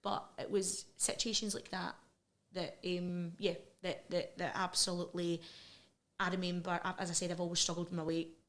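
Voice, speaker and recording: A woman's voice: lowish voice, flat delivery, moderate pace, a bit bright. A Scottish woman in her thirties, guest on a podcast, recounting personal experiences frankly and with feeling, often restarting her sentences. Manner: frank and emotional, with frequent restarts. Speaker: interview guest. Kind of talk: candid personal interview.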